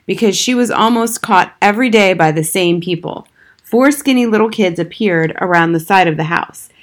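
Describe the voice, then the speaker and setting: A woman reading a children's book aloud as narrator, steady and expressive. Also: fairly low pitch. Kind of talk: scripted storybook narration.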